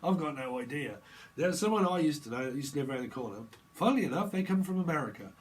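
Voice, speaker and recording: A man's voice: a little high, lively intonation, fast. A man giving an off-the-cuff tarot reading, rambling and joking with many fillers. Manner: rambling, joking, acting out imagined dialogue in voices; frequent fillers and laughter. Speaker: tarot reader.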